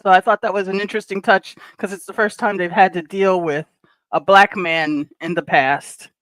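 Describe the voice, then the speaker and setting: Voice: medium pitch, steady tone, moderate pace, fairly bright tone, no room sound, poor audio. A panel guest in a casual chat, animatedly retelling TV scenes.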